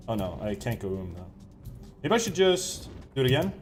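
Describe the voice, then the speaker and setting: Lively streamer, light Swedish accent. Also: male voice, mid-range voice, fairly quick, soft background music. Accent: slight Swedish. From Sweden. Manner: excitable, laughs easily, bursts into loud exclamations. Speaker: game streamer. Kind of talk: casual live gameplay commentary.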